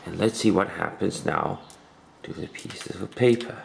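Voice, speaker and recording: A man's voice: deep voice, unhurried, gravelly, background noise. A male teacher giving a recorded science lesson from a room at home, explaining step by step in a patient way and often checking in with "okay?".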